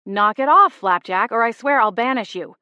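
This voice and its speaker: A woman voicing an exasperated young woman florist who scolds in a firm, sharp-tongued way. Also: fairly high pitch, lively intonation, normal speed, no room sound, highs cut off, voice pushed up.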